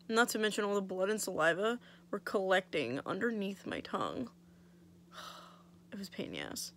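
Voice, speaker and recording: Young woman vlogger, gravelly, swears casually, chatty and candid, mouth swollen after surgery. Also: medium pitch, very animated, normal speed, fairly bright tone, slight background noise. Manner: chatty, blunt, swears freely, lots of "like". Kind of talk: casual storytelling vlog.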